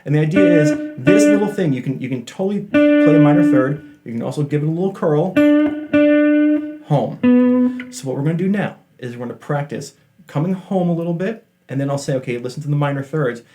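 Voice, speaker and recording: A man's voice: on the high side, lively intonation, fast talker, dark tone. A man giving a casual, chatty guitar lesson, joking about himself and apologizing for talking so much. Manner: chatty, self-deprecating, apologizes for talking a lot. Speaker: guitar teacher.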